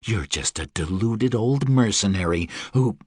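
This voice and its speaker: A cold, menacing winged warrior woman, put on by a male narrator in a fantasy audiobook. The voice sits deep and drawn out, each threat delivered slowly over a dry, close recording. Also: lively intonation, darkish tone, husky, no room sound. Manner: low, slow and threatening.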